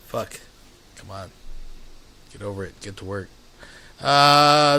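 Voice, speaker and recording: A man's voice: lowish voice, slow, bright, forceful tone. Rambling, profane man hosting a stream. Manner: rambling, profane, addresses viewers as folks. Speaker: streamer host. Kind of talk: casual reaction commentary.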